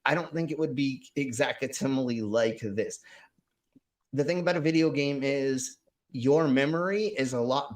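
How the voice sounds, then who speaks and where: A male stream host talks loosely and rambles, swearing freely and restarting his sentences. His voice sits at an ordinary middle pitch, and the mood is an offhand group call. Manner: rambling, profane, many restarts. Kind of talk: casual chat.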